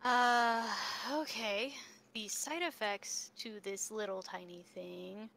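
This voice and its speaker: A woman's voice: medium pitch, fairly even intonation, gravelly, a bit bright, a little hiss or hum. A woman acting as game master, working through rules and outcomes for the players. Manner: slow and deliberate, reading rules. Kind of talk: running a tabletop game.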